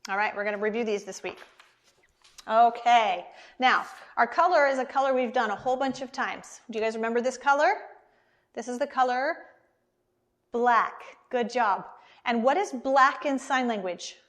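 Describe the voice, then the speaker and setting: An American woman leads an online preschool class, talking slowly and with lots of encouragement for little kids. Her voice sits fairly high and sounds a bit bright.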